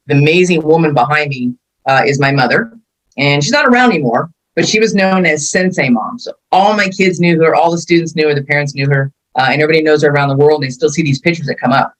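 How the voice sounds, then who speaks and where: This low-pitched, fast-talking woman is a martial arts instructor from California in her fifties. She recounts her life story in a relaxed interview, performing the quotes as she goes, on a low-quality recording.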